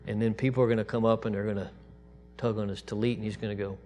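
A man preaching a sermon to his congregation in a relaxed, conversational way, dropping to a soft, quiet voice when he quotes God. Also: on the low side, quick pace, slight background noise. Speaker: pastor.

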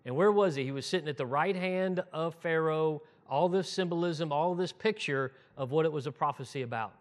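Male preacher, slightly high voice, relaxed teaching tone, hushed quotes. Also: a little fast. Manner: conversational teaching, drops low and soft for quotes. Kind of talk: sermon.

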